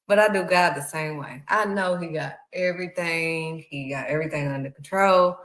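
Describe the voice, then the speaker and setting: Lady doing a chatty faith talk, lowish voice, calls you honey, roomy echo. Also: moderate pace, hardly any pauses, fairly bright tone. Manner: conversational, preachy, uses "honey". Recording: echoey room.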